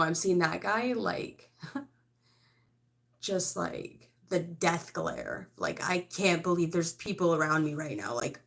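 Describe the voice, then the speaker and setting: A woman's voice: lowish voice, a bit bright. A woman doing a casual tarot reading to camera, rambling and frank, full of "like" and "I don't know", with laughs mixed in. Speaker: tarot reader.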